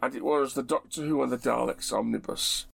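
A middle-aged man, talking in an easy, wry, unhurried way. His voice has a gravelly fry to it. The sound is close and dry. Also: mid-range voice, steady tone, no room sound. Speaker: podcast co-host. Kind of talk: casual chat.

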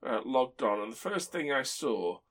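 Podcast host, chatty storyteller, mid pitch, chuckles a lot. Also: male voice, very animated, moderate pace, a bit bright. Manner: rambling, chuckles while telling stories. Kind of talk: casual chat.

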